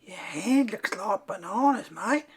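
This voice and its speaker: A man doing a loud heckling Aussie bloke. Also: high-pitched, lively intonation, a little slow, slightly rough, voice pushed up, full character voice. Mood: mocking. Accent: put-on Australian. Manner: loud, heckling, calls everyone mate. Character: blokey Australian man, pushy and sporty.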